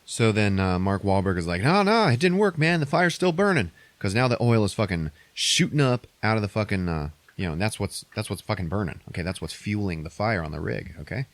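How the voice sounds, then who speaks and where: A man hosting a podcast, recapping a movie in casual chat, swearing often and acting out quotes in an animated way. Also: deep voice, fairly quick, hardly any pauses, dry recording. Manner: profane, animated retelling with put-on quotes. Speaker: podcast host.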